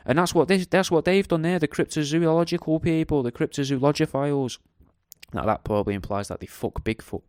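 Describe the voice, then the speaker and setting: A man's voice: a little high, fairly quick, darkish tone, smooth, no echo. Male podcast host, rambling and jokey, resonant voice, close dry sound. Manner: rambling, jokey, sweary, slangy. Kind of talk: casual monologue.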